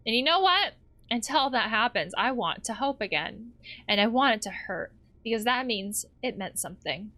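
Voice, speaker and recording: A woman's voice: a little high, animated, moderate pace, sharp tone. A woman playing a game, reading the characters' lines aloud and adding her own comments. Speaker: let's play host.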